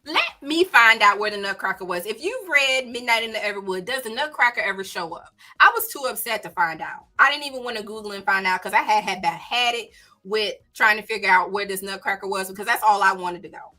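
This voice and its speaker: A woman with a Southern country accent chatting casually on her book livestream, animated and exclaiming. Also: medium pitch, brisk. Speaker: book channel host.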